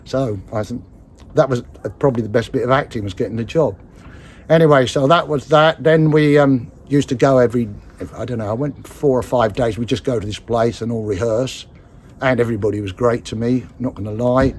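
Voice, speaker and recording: A man's voice: medium pitch, steady tone, brisk, slight background noise. A man, telling a long story in a casual, rambling way and correcting himself as he goes. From London area, England. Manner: rambling, self-correcting, chatty. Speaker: actor and musician telling a career story. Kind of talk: casual anecdote.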